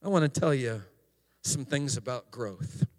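Slow-preaching pastor, a man. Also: medium pitch, expressive, a little mellow. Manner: slow, halting delivery with restarts, rising to impassioned preaching. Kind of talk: sermon.

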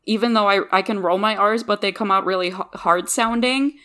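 A woman who grew up in the Midwest, with English as her second language, co-hosting a podcast and telling stories in animated, chatty conversation. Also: medium pitch, a little fast. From Midwest of the United States. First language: not English. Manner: chatty, animated storytelling with laughs. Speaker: podcast co-host. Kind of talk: casual chat.

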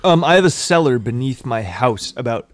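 A young man in casual podcast chat, laid-back, with deadpan jokes. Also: medium pitch, moderate pace.

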